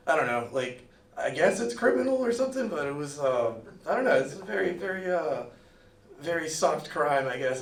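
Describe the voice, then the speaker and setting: Brief: laid-back man telling a rambling story at a live event, a bit high voiced, distant in a roomy hall. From Miami, USA. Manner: rambling, loose, full of "like" fillers. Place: museum event room, live audience. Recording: echoey room, far from mic.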